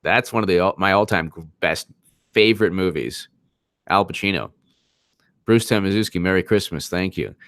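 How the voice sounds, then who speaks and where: Guy ranting on a livestream, real animated, jumpy pitch, dry close mic. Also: normal speed, no echo. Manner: animated, rambling, mocking; laughs while reading chat. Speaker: livestream host. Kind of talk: casual political commentary livestream.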